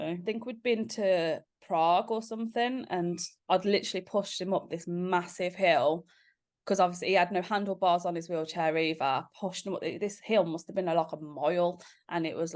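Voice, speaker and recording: A woman tells stories in a relaxed chat. Her voice sits a little low, and she laughs often while she talks. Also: moderate pace. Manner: chatty storytelling with frequent laughs. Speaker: guest. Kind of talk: casual chat.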